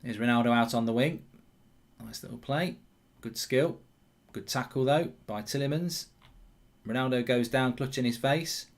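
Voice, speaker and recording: A man's voice: medium pitch, moderate pace, long pauses. A man hosting a live football watchalong, chatting casually, reading out viewer comments, with frequent ums and restarts.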